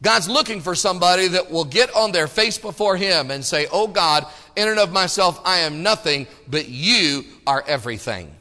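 Male preacher, high and bright, emphatic rhythmic delivery, long hall reverb. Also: expressive, normal speed, hardly any pauses. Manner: emphatic, rhythmic preaching with call-and-response phrasing. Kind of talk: sermon.

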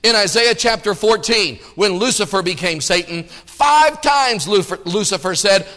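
Male preacher, high and bright, emphatic rhythmic delivery, long hall reverb. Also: expressive, normal speed, few pauses. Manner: emphatic, rhythmic preaching with call-and-response phrasing. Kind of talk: sermon.

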